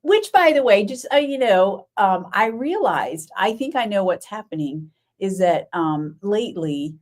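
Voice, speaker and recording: A woman's voice: mid-range voice, animated, unhurried, a little mellow. A middle-aged woman hosting a casual live-stream, chatting and rambling, often laughing and answering viewers by name. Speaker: knitting podcast host.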